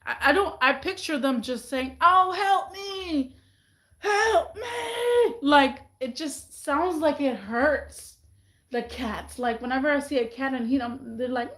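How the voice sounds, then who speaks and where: A woman vlogging in a casual, rambling monologue, chatty and animated, often mimicking other people's voices. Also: sits high, moderate pace, roomy sound, poor audio.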